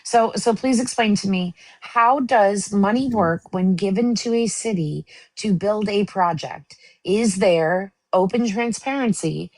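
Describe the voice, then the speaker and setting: A woman's voice: mid-range voice, a little slow, few pauses, a little mellow, no room sound. A woman moderating a political panel debate, quizzing the others in a pointed, sarcastic way.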